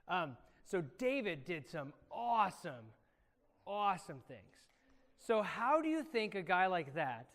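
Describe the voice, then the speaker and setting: Male pastor, high voice, animated kids' lesson, echoey church hall. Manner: animated, quizzes children by name. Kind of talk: children's Bible lesson.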